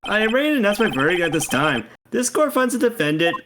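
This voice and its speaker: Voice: medium pitch, sing-song, fast, background noise, voice pushed up, close to an everyday voice. A streamer voicing a ponderous, pompous old male judge in a fan dub of a game. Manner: ponderous, grand.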